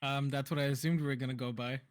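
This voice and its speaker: A man's voice: mid-range voice, steady tone, quick pace, no room sound, clean studio sound. A man co-hosting a podcast, friendly and chatty in casual conversation. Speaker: podcast co-host. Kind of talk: casual chat.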